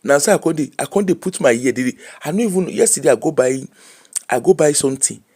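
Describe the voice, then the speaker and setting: Brief: middle-aged nigerian man, pidgin accent, chatty livestream host, animated, laughs easily. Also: on the high side, fast talker, slightly rough. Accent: Nigerian Pidgin English. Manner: animated, laughing, switching between Pidgin and English. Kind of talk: casual live-stream chat.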